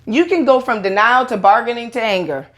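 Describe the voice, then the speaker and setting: A woman's voice: on the high side, a little fast, fairly bright tone. A woman in a casual monologue to camera, blunt and profane, rambling with restarts and acting out quoted voices. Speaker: online video host.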